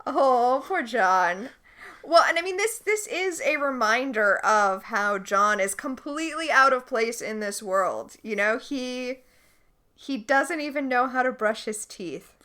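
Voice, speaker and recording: A woman co-hosting a casual podcast, recapping a TV episode with enthusiastic, animated storytelling. Her voice is bright and forceful, sitting a bit high. Her pitch swings widely from line to line. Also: measured pace. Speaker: podcast co-host.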